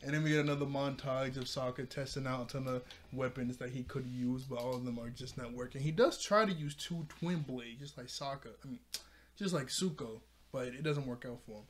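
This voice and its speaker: A man's voice: mid-range voice, fairly quick, a little hiss or hum. A man recapping a cartoon episode in a rambling way, often correcting himself. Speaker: video reviewer.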